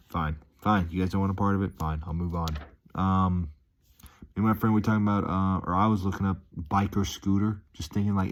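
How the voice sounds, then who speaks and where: Here a male vlogger chats to camera in a casual, upbeat monologue, his low voice fairly even in intonation and moderate in pace. He's rambling, playful and enthusiastic, with chuckles throughout.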